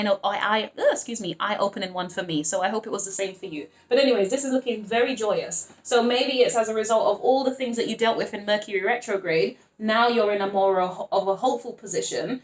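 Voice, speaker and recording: A woman's voice: mid-range voice, echoey room. A young woman doing a casual tarot reading to camera, gushing and emotional, and talking straight to her viewers. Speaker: tarot reader.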